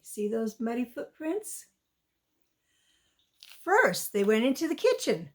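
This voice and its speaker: A woman reading a children's story aloud in a slow, lilting way, asking the young listener questions. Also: medium pitch.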